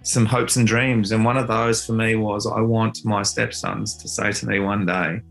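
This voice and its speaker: A man's voice: lowish voice, little pitch movement, normal speed, creaky, a bit bright, faint music behind. A middle-aged Australian man telling a heartfelt personal story in an earnest, reflective way. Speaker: father and guitar teacher.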